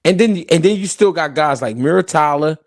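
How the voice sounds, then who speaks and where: A man's voice: a little high, brisk, no echo, studio quality. A man hosting a live-stream boxing talk show, arguing heatedly and talking to his chat. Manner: heated, animated, talks to chat. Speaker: host.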